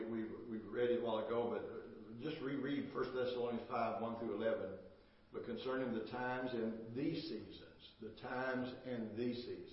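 Older man preaching in an echoey church. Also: mid-range voice. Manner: repetitive, emphatic, call-and-response "amen?". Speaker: pastor. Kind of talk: sermon. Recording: echoey, distant, dull church recording.

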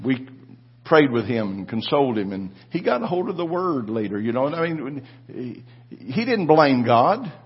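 A husky-voiced man in his seventies preaches to his congregation, telling a story and then climbing into shouted declarations. His pitch sits in an ordinary middle range. The recording is muffled and lo-fi. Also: very animated, normal speed. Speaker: pastor. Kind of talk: sermon.

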